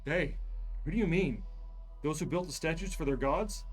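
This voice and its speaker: A man's voice: on the high side, normal speed, faint music behind, natural voice. A man doing an alarmed young investigator. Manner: urgent, pressing questions. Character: alarmed male investigator, urgent and questioning.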